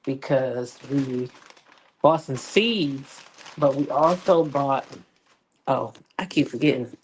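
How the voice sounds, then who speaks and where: A woman's voice: a bass voice, slow, darkish tone, slight background noise, low-quality recording. A woman hosting a casual live stream from her backyard, chatty and greeting viewers by name, a little stuffy from a cold. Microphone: phone on a selfie stick.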